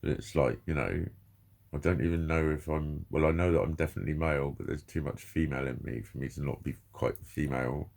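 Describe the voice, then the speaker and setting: A man's voice: very deep voice, fairly quick, creaky, darkish tone. A man in his forties talking candidly and emotionally to camera, swearing heavily in a confessional monologue. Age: 40s. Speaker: vlogger.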